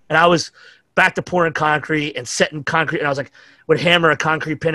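As a podcast guest, a fast-talking middle-aged New Yorker tells loose, profane stories and acts out the quotes. His slightly high voice stays steady with a sharp tone, and the recording is dry.

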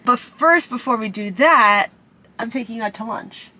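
A woman co-hosting a casual couple vlog, chatting in a bubbly, excited way. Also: fairly high pitch, moderate pace, poor audio. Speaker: vlog co-host.

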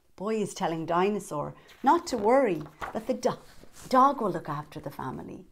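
A woman reading a picture book aloud to young children, lively and asking them questions. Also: medium pitch, moderate pace, slight background noise. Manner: lively, asks the listener questions. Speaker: children's storyteller.

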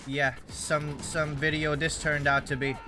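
A man's voice: on the high side, flat delivery, measured pace, music in the background. A young man, rambling and joking through casual gameplay commentary. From Canada. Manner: rambling, jokey, self-deprecating. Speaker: gaming YouTuber.

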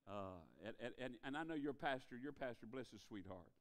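A man preaching a revival sermon in a church, folksy, calling for amens and dropping to a hush to stress a point. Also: mid-range voice, animated, fairly quick. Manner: folksy, calls for amens, drops to a hush for emphasis.

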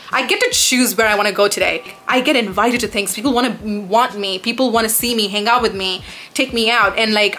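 A woman in her early twenties from Dubai answers viewer questions in a casual vlog, bubbly and rambling with dramatic exclamations. Her mid-range voice has a sharp tone, with slight background noise.

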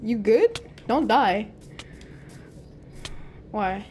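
A woman's voice: medium pitch, slow pace, a little mellow, slight background noise. A young woman chatting casually while playing a game with a friend, playful and teasing, laughing often. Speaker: gamer. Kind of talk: casual gameplay chat.

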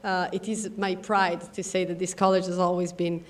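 A woman from Milan with an Italian accent, giving formal welcome remarks at a podium as a diplomat, warm and with frequent fillers. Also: on the low side, little pitch movement, normal speed. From Milan, Italy. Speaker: consul general. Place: event hall. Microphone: podium microphone.

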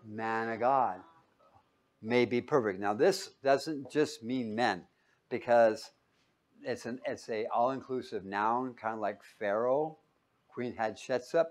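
This man speaks slowly at medium pitch while teaching a Bible lesson as a sermon. He's lively and jokey, quizzing listeners and swinging between loud and quiet.

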